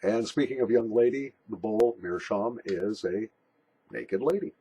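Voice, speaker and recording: A man's voice: on the low side, a little slow, mellow, breathy edge. An older man recording a casual video letter as a pipe and snuff YouTuber, jokey, rambling and a little bawdy.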